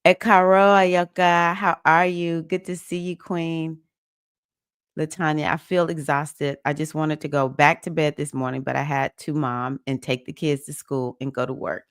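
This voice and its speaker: A woman with a low voice, little pitch movement and a clean tone speaks at a moderate pace in an echo-free studio recording. Hosting a casual livestream, she greets viewers by name and chats emotionally about the week's astrology.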